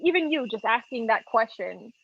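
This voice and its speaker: Higher-voiced woman, earnest storyteller. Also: moderate pace, creaky, slightly rough, no echo. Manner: earnest and open, with frequent restarts and fillers; lively when quoting her own past thoughts. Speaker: coaching client giving a testimonial. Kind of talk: candid personal storytelling in an interview. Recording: dull, lo-fi sound.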